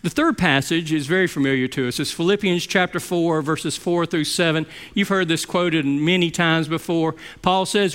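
A middle-aged man preaching a sermon as pastor, rising to loud emphasis and dropping to soft, hushed quotes. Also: on the high side, normal speed, hardly any pauses, clear, resonant tone. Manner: expressive, with swings between loud emphasis and soft near-whispered quotes.

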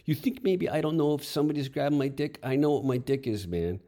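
A man's voice: fairly high pitch, expressive, quick pace, dark tone, pitched above the performer's own voice, lightly acted. A man voicing a grumpy, defensive teenage boy who swears crudely while telling a story. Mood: irritated. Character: grumbling teenage boy, cocky and touchy.

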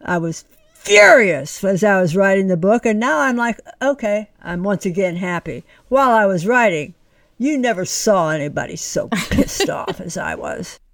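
A woman's voice: mid-range voice, sing-song, moderate pace, dry recording. A woman author being interviewed, who talks in an emphatic, exuberant and outspoken way. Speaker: author guest. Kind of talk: conversational interview.

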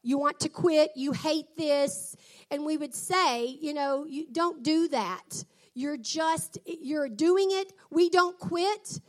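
A middle-aged woman with a notably high voice talks about raising her sons. She tells her stories in an earnest, reflective way, taking her time. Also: slow. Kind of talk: personal talk on parenting.

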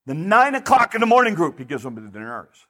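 Pastor guy preaching, high voice, real lively, keeps asking the crowd questions. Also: quick pace. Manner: animated, asks the audience rhetorical questions. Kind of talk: sermon.

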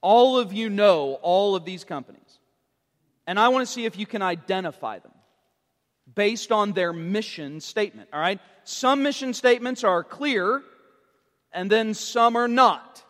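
A male pastor with a notably high voice delivers a sermon, teasing his listeners and slipping in jokes between points. The sound carries a long reverb, as if recorded in a large church sanctuary. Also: a little slow, fairly bright tone. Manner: teasing, joking with the congregation.

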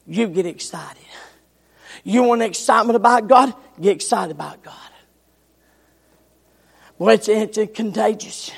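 High-pitched older preacher in a reverberant hall. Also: male voice, unhurried, creaky, pauses often, husky. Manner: shouting and dropping to near whispers. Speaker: pastor. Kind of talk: sermon.

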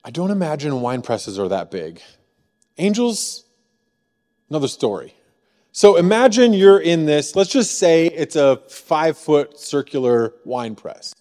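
A man from Missouri preaching a sermon as pastor, in a conversational way, often asking the room a quick "right?". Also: fairly high pitch, a little mellow, in a large hall. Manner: conversational, frequent rhetorical "right?". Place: church sanctuary.

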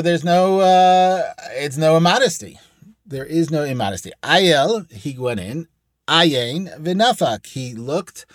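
A man's voice: medium pitch, no room sound, studio quality. A man teaching a text-study lesson in a digressive, explanatory way, reading short Aramaic phrases aloud and then glossing each in English. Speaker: Talmud teacher.

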